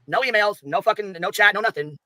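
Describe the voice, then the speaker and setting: A man's voice: sits high, fast, sharp tone. A man ranting angrily on a livestream clip, heated and confrontational, swearing constantly. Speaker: streamer ranting in a played clip. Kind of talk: angry livestream rant.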